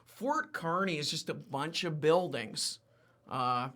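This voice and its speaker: A man with a bright, sharp voice tells history in a rambling, excited way, stumbling over fillers and apologizing for getting carried away. He is a guest in casual chat. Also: fairly high pitch, slow.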